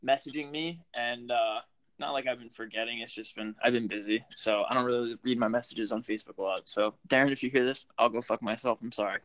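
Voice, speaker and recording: A man's voice: medium pitch, fairly even intonation, fast, a bit bright, no room sound. A man hosting a casual podcast, loose and profane, laughing often between remarks. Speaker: podcast host.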